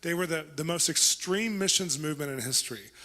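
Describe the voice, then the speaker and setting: A man with a bright, forceful voice preaches in an animated way, slipping into the voices of the people in his stories. His voice carries a long, ringing reverb from the hall he speaks in. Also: a little high, brisk. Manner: animated, acts out quoted voices. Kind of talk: sermon with storytelling.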